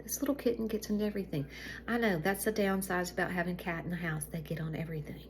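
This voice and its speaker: A woman's voice: fairly low pitch, fairly even intonation, quick pace. Woman, Southern accent, middle-aged, casual home vlog, rambling, faint background hiss. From Alabama. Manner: rambling, easily sidetracked, many fillers. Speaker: vlogger. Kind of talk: casual chat to viewers.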